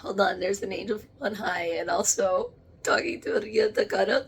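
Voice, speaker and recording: A woman speaking in a halting, emotional monologue as she channels spirits, moving between soft murmurs and sudden exclamations. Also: mid-range voice, steady tone, breathy edge.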